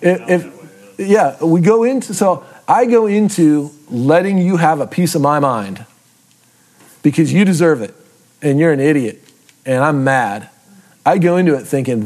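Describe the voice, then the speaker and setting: A man teaching the Bible keeps things informal and self-mocking, regularly tossing in tag questions to make sure his listeners are with him. His voice is high and a little mellow, with lively intonation and a normal speed.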